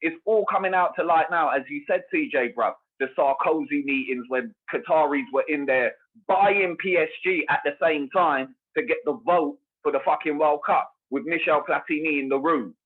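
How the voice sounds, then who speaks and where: A man's voice: a little high, normal speed, husky. A man, co-hosting a casual podcast chat, ranting with heavy swearing and constant "bro" and "bruv". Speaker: podcast co-host. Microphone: remote call. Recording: tinny phone-like call audio.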